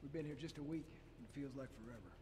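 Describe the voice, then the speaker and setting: An actor playing an easygoing middle-aged settlement leader in a video game, relaxed and matter-of-fact. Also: male voice, medium pitch, very fast, background noise, close to an everyday voice.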